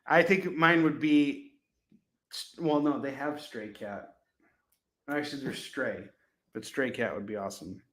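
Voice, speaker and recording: A man hosting a casual live shopping stream, pitching comic books with rambling jokes and laughing at himself. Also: unhurried, long pauses, fairly bright tone, reverberant. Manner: jokey, rambling, laughs at his own jokes.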